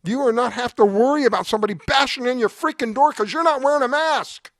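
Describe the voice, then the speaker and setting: A man's voice: very high-pitched, fast, fairly bright tone, no room sound, studio quality. A man hosting a talk show, delivering an exasperated, emphatic commentary monologue with lots of repetition. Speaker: show host.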